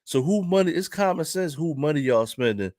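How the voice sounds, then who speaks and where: A man's voice: on the high side, lively intonation, a little fast, a little mellow, no echo, clean studio sound. A man with a Philadelphia accent telling a casual, rambling story, often repeating himself and checking in with the listener. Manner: loose, repetitive, keeps asking "right?". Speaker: vlogger.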